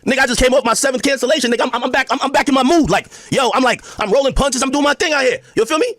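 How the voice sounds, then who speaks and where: A man's voice: very high voice, very fast, a bit bright, no echo, studio quality. A man ranting and mocking on a livestream, profane and laughing, and he says he is drunk.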